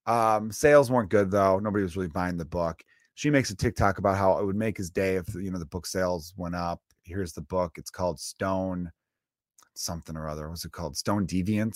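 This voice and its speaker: A man hosting a comedy podcast, rambling in a casual monologue, cursing freely and bursting into loud acted-out voices, speaking close to the mic. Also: low voice, no echo.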